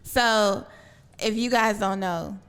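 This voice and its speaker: A woman's voice: mid-range voice, takes it slowly, a bit bright. A woman hosting a podcast interview, chatty, playful and teasing with her guest. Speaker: podcast host. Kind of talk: casual interview conversation. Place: podcast studio.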